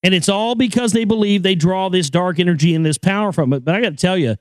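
A man's voice: high-pitched, fast, no room sound. A man hosting a casual monologue, talking emphatically and profanely, often repeating his words. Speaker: podcast host and filmmaker.

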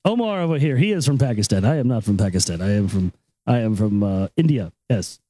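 A man's voice: sits high, expressive, fast talker, warm tone. A man putting on a patient male gas station clerk from India who explains himself politely.

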